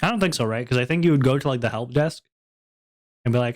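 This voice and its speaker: A man's voice: medium pitch, fast talker. Rambling young man streaming casually. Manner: rambling, laughing and swearing, talks to chat. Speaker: VTuber streamer. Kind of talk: casual livestream chat.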